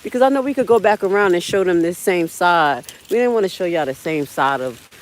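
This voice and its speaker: Speaking quickly and animatedly in a lowish voice, a woman in her forties hosts a casual live walking vlog in an outdoor park. The audio is poor with slight background noise, and she calls her viewers "y'all" and "baby" while getting winded climbing steps.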